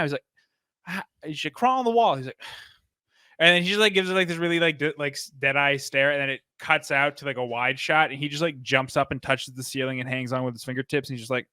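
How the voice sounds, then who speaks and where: A man with a bright, fairly high voice, chatting casually and acting out scenes as he tells them. The sound is close and dry, with no room around it. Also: clean tone, no room sound. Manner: animated storytelling with quick acted-out voices. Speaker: podcast guest. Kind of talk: casual chat.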